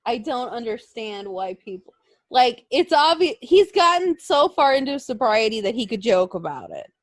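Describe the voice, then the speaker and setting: A woman co-hosts a podcast, casually recapping wrestling through animated stories in which she acts out voices and uses frequent fillers. Her fairly high voice moves at a moderate pace, with no room sound.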